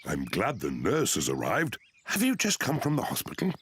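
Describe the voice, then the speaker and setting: A man's voice: fairly low pitch, huge pitch swings, moderate pace, a bit bright, slightly rough, no room sound, heavily acted. An actor playing a cheerful, easygoing cartoon pig father who chuckles and reassures his children. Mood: jovial. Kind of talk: cartoon voice acting.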